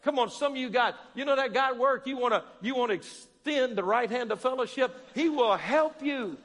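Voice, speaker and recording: A man preaching a sermon, calling out to the congregation and rising to shouts. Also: very high voice, normal speed, big-room sound.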